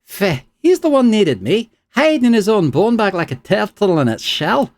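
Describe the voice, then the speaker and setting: A man's voice: high-pitched, sing-song, moderate pace, no echo, pitched above the performer's own voice. A man voicing a brash, scornful female spirit possessing someone, in a put-on Scottish accent. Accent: mock Scottish.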